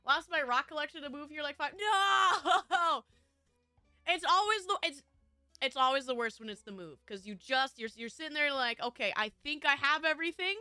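A woman's voice: high voice, lively intonation, normal speed, pushed and bright, dry recording, soft background music. A young woman streaming a game, chatting casually with her viewers in a bubbly, giggly way. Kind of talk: casual live-stream chat.

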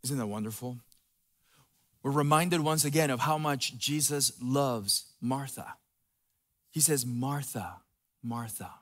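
A man pastor giving a conversational sermon, dropping soft and low for tender quotes. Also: unhurried, long pauses.

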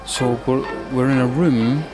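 A man's voice: mid-range voice, steady tone, unhurried, loud music behind the voice. A man hosting a podcast, chatting enthusiastically and playfully while walking through a museum gallery. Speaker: podcast host. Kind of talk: casual chat. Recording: busy museum crowd behind.

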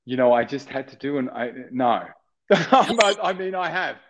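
An Australian actor in casual interview chat, rambling with many restarts and fillers. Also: male voice, medium pitch, animated, unhurried, a bit bright, highs cut off. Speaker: actor guest.

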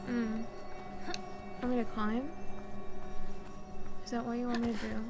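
A woman with a fairly high voice streams a horror game. She swears freely and chatters at the creatures she meets. Loud game music plays under her talk. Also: fairly even intonation, a little slow, long pauses. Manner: profane, chatty, talks to game characters. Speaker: gaming streamer. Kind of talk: let's play commentary.

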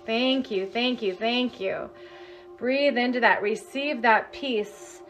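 A woman's voice: on the high side, a bit bright. A woman energy healer leading a live guided healing session, soothing and chanting a repeated release mantra.

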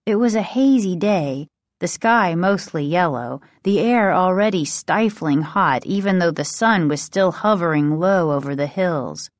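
A woman narrating a children's horror audiobook in a measured, steady way. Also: on the low side, no room sound.

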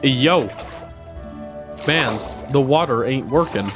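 A young man streams a video game, chatting casually and goofing around while music plays behind him. His mid-range voice has lively intonation and a slow pace. He's goofy and playful, talking to both the game and his chat in casual gameplay commentary.

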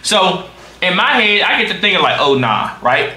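A young man streaming live, telling a story in an animated, profane way full of slang. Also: high-pitched, normal speed, reverberant. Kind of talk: livestream storytime.

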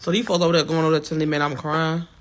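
A man's voice: fairly high pitch, little pitch movement, very fast, fairly bright tone. A young man talking to his viewers on a livestream, upset and defensive, his voice strained and tearful. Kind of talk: emotional livestream chat.

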